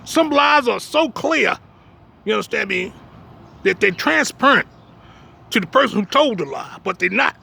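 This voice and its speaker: Man, religious teacher; very high, bright gravelly voice, lively swings, blunt emphatic preaching. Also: normal speed, long pauses. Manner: emphatic, repeats "you understand me?"; blunt, streetwise, jokes between points. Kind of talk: preaching talk.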